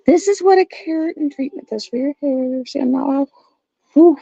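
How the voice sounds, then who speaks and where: A middle-aged woman, hosting a livestream and telling stories in a casual, animated way. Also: high-pitched, normal speed, creaky, dry recording. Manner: animated storytelling with laughs. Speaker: livestream host. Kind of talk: casual chat. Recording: dull lo-fi dry sound.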